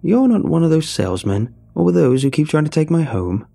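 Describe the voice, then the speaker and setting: A squawking, shrewd old woman with a rambling, snappish manner, as a male storyteller puts her on. The voice sits high and lively above a low, gravelly base, and soft music plays behind. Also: normal speed, full character voice.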